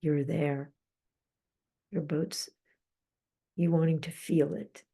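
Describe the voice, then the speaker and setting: A middle-aged woman hosting a live-streamed psychic channeling session, speaking slowly and soothingly and drifting into soft whispers. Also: sits low, level tone, vocal fry.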